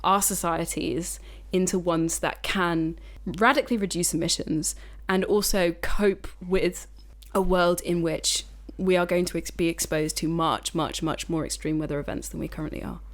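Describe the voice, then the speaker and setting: Frank, chatty woman, slightly low voice. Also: steady tone, moderate pace, few pauses. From United Kingdom. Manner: chatty, frank, swears freely, rambling asides. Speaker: guest climate activist. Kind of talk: casual podcast chat. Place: indoor recording.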